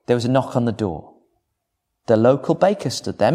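A man preaching a sermon to a congregation, with expressive, varied emphasis. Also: mid-range voice, normal speed.

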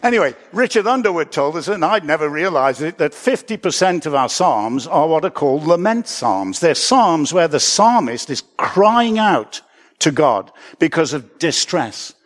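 A man preaches a sermon in an earnest, reflective way. His voice sits a little higher than most men's, and he pauses to chuckle and correct himself as he goes. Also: sing-song. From Britain. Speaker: pastor.

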